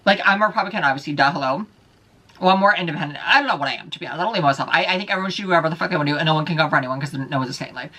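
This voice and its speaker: A man's voice: fairly high pitch, rapid-fire, sharp tone. A man vlogging alone, ranting heatedly with heavy profanity and repeating his points. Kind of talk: casual solo vlog rant.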